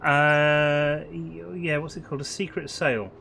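A relaxed British man chats with friends while gaming, dropping dry jokes. His tone is bright and forward, with a faint hum of noise behind. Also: on the high side, measured pace, gravelly. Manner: laid-back, dry joking. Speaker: gamer streaming with friends. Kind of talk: casual game-stream chat.

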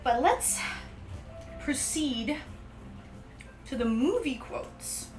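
A woman's voice: high voice, big pitch swings, drawn-out words, darkish tone, soft background music. A woman streaming live, chatting casually and talking straight to her viewers. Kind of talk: casual livestream chat.

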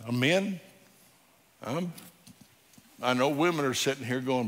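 A male pastor preaching a sermon, emphatic and direct, moving between loud declarations and quiet, low passages. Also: unhurried, long reverb tail. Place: church sanctuary.

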